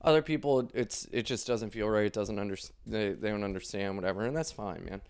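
A young man, a comedian, telling stories in a loose, profane monologue, laughing often and swinging his pitch widely. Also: a little fast, darkish tone, smooth. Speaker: comedian podcast host. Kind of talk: casual storytelling monologue.

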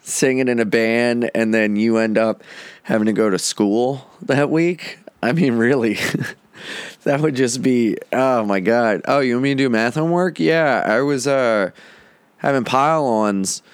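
A man's voice: mid-range voice, slow pace, clean tone. A man hosting a podcast, telling loose, profane stories from the road in a casual chat. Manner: loose and profane, breaks into sung lines and mock voices. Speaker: podcast host and comedian.

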